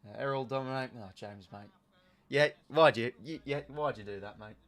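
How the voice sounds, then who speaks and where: A man's voice: mid-range voice, normal speed, a bit bright. A young Australian man hosting a casual live watch-along, chatting through the game and reading out viewers' comments. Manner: chatty, reads out viewer comments, filler-heavy.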